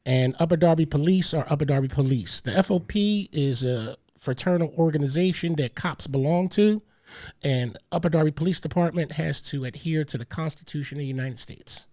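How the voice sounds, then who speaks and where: A man's voice: fairly high pitch, brisk, darkish tone. An older man hosting a radio talk show, speaking emphatically and insistently, often talking over the others. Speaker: host.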